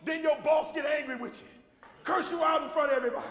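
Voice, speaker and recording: A man preaching a sermon as pastor, with a Southern American accent, shouting and repeating refrains to a responding congregation. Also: extremely high pitch, steady tone, fast talker. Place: church sanctuary with congregation. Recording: echoey hall recording.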